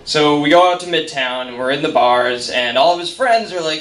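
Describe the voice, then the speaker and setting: On stage in a noisy bar, a man tells a self-deprecating comic story as live stand-up, doing voices for the people he quotes while the audience laughs. His voice is a little high, expressive and a bit bright, at a moderate pace. The distant mic gives a roomy sound.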